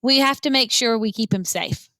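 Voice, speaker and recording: A woman reading the lines of a kindly preacher father in a children's storybook, speaking gently and reassuringly. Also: on the high side, normal speed, dry recording. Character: kindly preacher father, man, calm and protective.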